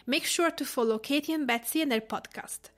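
A woman's voice: sits high, a little fast. A woman from Tuscany with an Italian accent, hosting a cooking podcast in careful, explanatory narration. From Tuscany, Italy. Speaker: podcast host and home cook.

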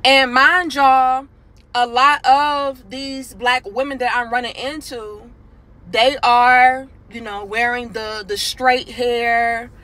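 Bright-voiced woman telling a story. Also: a little high, slow pace. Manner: animated, acts out other people's voices in quotes. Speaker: commentary host. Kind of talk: casual storytelling to camera.

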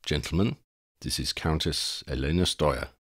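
Guy voicing a deep courtly vampire, formal old-timey talk. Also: moderate pace, fairly bright tone. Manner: formal, old-fashioned phrasing. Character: courtly, calculating male vampire leader.

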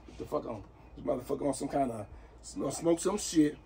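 A man's voice: mid-range voice, lively intonation, fairly quick, creaky, mellow. A man, an uncle caught in a prank, ranting in exasperation, swearing constantly and repeating himself.

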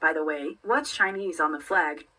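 A woman's voice: sits low, moderate pace, bright, forceful tone. Woman reading as an eager schoolboy. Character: high school boy, eager classmate. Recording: voice from a distance.

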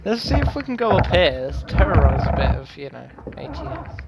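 Drunk British gamer host, sweary jokes, lively swoops, loud noisy mic. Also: male voice, a little high, a little fast. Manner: sweary, joking. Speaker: gaming channel host. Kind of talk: drunk gameplay chat. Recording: loud background noise.

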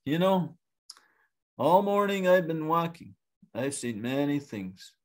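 A man voicing a patient, wise male turtle who speaks softly and evenly, in an oral storytelling. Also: medium pitch, animated. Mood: calm. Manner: soft, quiet, measured.

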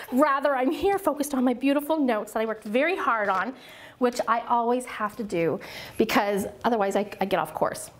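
A woman in her forties giving a lively, self-mocking workshop talk to a small church audience from a podium, acting out the voices she quotes. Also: fairly high pitch, moderate pace. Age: 40s. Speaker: workshop speaker on children's ministry.

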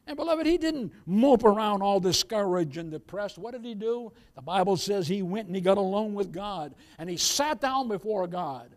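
A man preaching a sermon as pastor, reading scripture slowly and rising to loud calls for amen. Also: high voice. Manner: reads scripture slowly in King James wording; jokes with the congregation and laughs.

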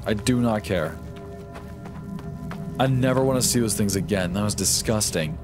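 Excitable swearing male game streamer. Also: normal speed. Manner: excitable, swearing, jumps into high-pitched yelps. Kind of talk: live gameplay commentary. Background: game music.

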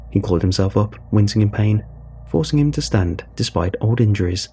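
A man narrating a scripted horror story in a measured, wry way. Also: fairly low pitch, lively intonation, mellow, a little hiss or hum.

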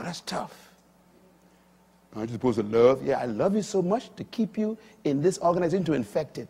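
A middle-aged male preacher with a husky, somewhat high voice delivers a sermon. He swings between loud, emphatic proclamations and quiet asides. His voice stays husky throughout. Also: animated, a little fast, long pauses.

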